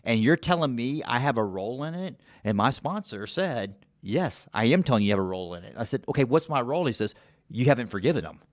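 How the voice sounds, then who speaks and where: A man's voice: mid-range voice, expressive, fast, no room sound. A man hosting a studio interview show, reacting with emphatic repeats and short exclamations. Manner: emphatic, repeats key phrases, reacts often. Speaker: podcast host. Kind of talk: casual interview chat. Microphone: studio microphone.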